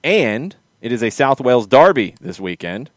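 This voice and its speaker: A man hosting a casual soccer podcast, quick and lively, teasing his co-hosts. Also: mid-range voice, no room sound, studio quality. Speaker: podcast host. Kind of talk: casual sports chat.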